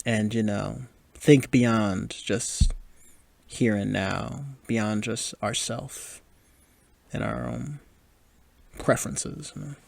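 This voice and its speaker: A man's voice: lowish voice, steady tone, takes it slowly, vocal fry, pauses often, no echo. Laid-back twenty-something guy doing a movie commentary podcast, laughing a lot, dry close mic. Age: 20s. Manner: chatty, laughing, filler-heavy. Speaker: podcast host.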